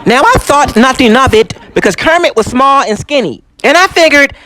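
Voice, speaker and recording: A man's voice: extremely high pitch, animated, moderate pace, pushed and bright, no echo. A man doing stand-up comedy with a puppet, laughing at his own jokes and putting on voices. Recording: noisy room with audience crowd.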